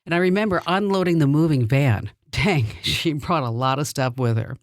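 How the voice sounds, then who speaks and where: A woman's voice: deep voice, moderate pace, no room sound, clean studio sound. A middle-aged woman hosting a podcast, telling personal stories in a chatty way and laughing between lines. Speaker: podcast host.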